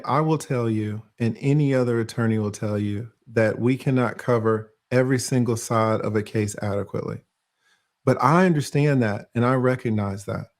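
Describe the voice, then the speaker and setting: A man hosting a legal commentary live stream, calm and measured as he explains himself. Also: mid-range voice.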